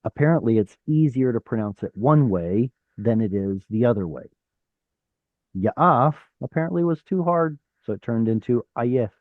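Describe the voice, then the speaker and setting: A man's voice: medium pitch, lively intonation, moderate pace, no room sound, phone-quality sound. A man teaching an online Hebrew class, explaining step by step, sounding out letters and correcting himself as he goes. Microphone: video call.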